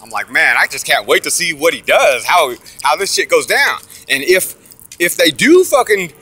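A man with a slightly high voice, speaking at a moderate pace, casually narrates a story about his own court case. His delivery is animated and preachy: he swears often, acts out what people said, and preaches about faith.

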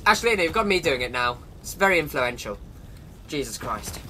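A man's voice: on the high side, big pitch swings, brisk, pushed and bright. Jokey man commentating a horror game. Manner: jokey, talks to game characters, swears. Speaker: gamer playing a horror game. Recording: noisy home recording.

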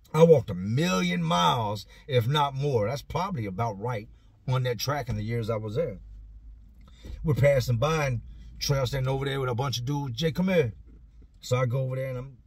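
A man tells a story from his own past in a loose, animated way and swears freely. His voice is husky and sits at a middle pitch. The recording is dry, with no room sound. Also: no room sound. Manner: animated, profane, conversational storyteller. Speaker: vlogger telling prison stories. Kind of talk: casual storytelling.

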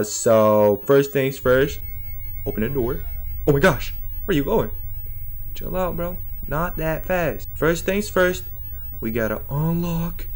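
A young man commentating a horror game, nervous and joking, often laughing and talking to the game and his viewers. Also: fairly high pitch. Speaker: gaming YouTuber. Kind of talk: horror let's play commentary.

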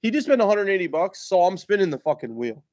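A young man from the United States hosting a rowdy drinking stream, loud, crude and teasing. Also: sits high, sing-song, quick pace. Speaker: streamer host.

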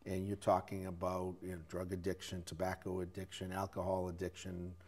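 A male local TV host with a fairly low voice. He interviews his guest in a friendly, encouraging way and sums up community events. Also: monotone, fairly quick, a little mellow. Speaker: TV show host.

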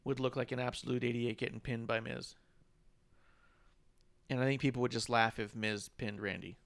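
Smooth-voiced man rambling in casual chat. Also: mid-range voice, steady tone, normal speed, a bit bright, dry recording. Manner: rambling, swears freely, chuckling. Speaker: podcast co-host.

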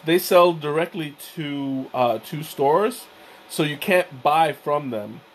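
A man with a somewhat high voice hosts a casual livestream, talking loosely and correcting himself often. His voice is a bit hoarse from a lingering cold. He fills pauses with ums and uhs as he goes. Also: animated. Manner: rambling, greets viewers, many fillers and restarts. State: slightly hoarse from a cold, coughing. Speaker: livestream host.

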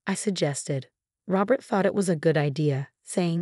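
A woman giving a scripted first-person story narration in an even, measured way. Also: on the low side, no echo, studio quality.

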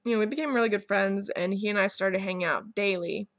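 A woman's voice: medium pitch, fairly even intonation, quick pace, no echo. A young woman vlogger telling a personal story to camera in a rambling, candid way, with many ums and restarts.

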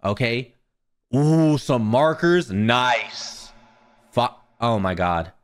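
A man streaming live, chatting casually with viewers and ranting in a profane, animated way. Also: medium pitch, extremely slow, smooth.

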